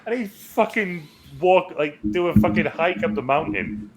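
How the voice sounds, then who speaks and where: A man's voice: high-pitched, animated, moderate pace, rough recording. A man, co-hosting a casual movie review chat, swearing freely and joking around. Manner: sweary, banter-heavy. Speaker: podcast co-host.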